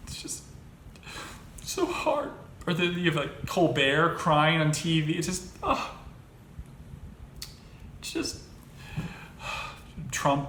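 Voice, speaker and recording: A man hosts his own show, rambling through an exasperated monologue full of fillers and restarts. His voice is bright and edged. The recording is roomy and echoey, with a faint ambient hum underneath. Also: on the high side. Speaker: host. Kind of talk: casual political monologue.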